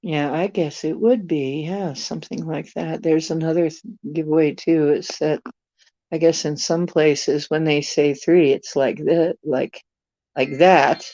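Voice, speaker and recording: A woman's voice: low voice, fairly even intonation, a little slow, warm tone, no echo, highs cut off. A woman from the United States hosting a casual live stream, musing aloud and answering viewer comments. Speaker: channel host chatting with viewers.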